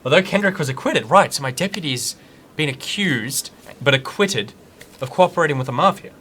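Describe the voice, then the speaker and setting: A man's voice: mid-range voice, lively intonation, moderate pace, bright, forceful tone. A man streaming a video game, chatting casually, reading the game's text aloud and reacting jokily. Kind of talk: casual live gameplay commentary.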